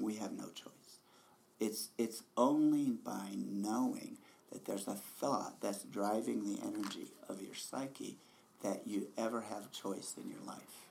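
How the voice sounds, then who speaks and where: Gravelly-voiced male meditation teacher. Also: fairly low pitch, a little hiss or hum. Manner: relaxed, laughing, conversational. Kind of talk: dharma talk.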